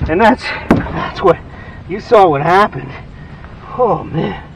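A man hosting a fishing vlog outdoors on a lake, excitable and exclaiming, and out of breath. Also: high voice, slow pace, distant mic, background noise. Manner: excitable, exclaiming, laughing often. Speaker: fishing channel host.

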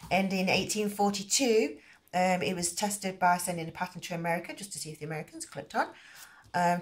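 Rambling woman crochet host. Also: medium pitch. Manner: rambling, many fillers and restarts, nonstandard grammar. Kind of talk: rambling casual explanation.

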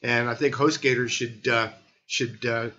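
A man's voice: mid-range voice, steady tone, unhurried, sharp tone. Rambling older man on a dull lo-fi line. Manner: rambling, many restarts and fillers. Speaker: health show host. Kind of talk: casual radio talk.

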